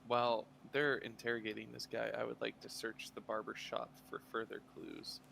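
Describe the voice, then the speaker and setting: A man with a gravelly, fry-laced voice states his moves at a tabletop game in a direct, matter-of-fact way. Faint noise sits behind him. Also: mid-range voice, monotone, normal speed, pushed and bright, poor audio. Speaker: player. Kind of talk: casual tabletop play.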